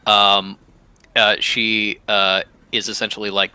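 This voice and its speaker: Bright-voiced, hesitant man running a game. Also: fairly low pitch, measured pace, no room sound. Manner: hesitant, full of ums and restarts. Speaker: game master. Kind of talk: narrating a tabletop game.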